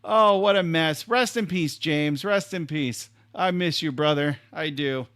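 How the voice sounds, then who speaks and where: A man's voice: fairly high pitch, measured pace, a bit bright, dry recording, clean studio sound. A man hosting a livestream, telling a story in a casual, chatty way with lots of filler words and the odd swear. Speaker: livestream host.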